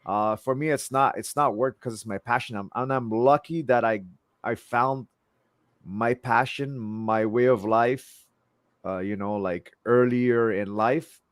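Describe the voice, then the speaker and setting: A man's voice: medium pitch, steady tone, unhurried, no room sound, clean studio sound. A man in his forties with a French accent, a jiu-jitsu instructor talking passionately as an interview guest, often repeating and restarting his words. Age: 40s. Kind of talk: casual interview chat.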